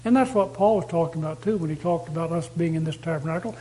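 Guy preaching a sermon, pretty high voice, leans hard on repeated lines. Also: fast talker, warm tone, low-quality recording. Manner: emphatic, repeats key phrases for stress.

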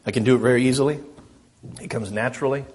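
Middle-aged pastor guy, husky voice, earnest sermon, keeps repeating himself. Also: medium pitch, quick pace. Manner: earnest, self-deprecating, repeats phrases.

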